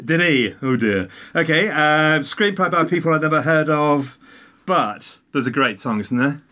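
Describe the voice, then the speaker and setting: A man chatting at length about a favourite film, talkative and jokey, with animated emphasis. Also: on the high side, a little slow. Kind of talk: casual film chat.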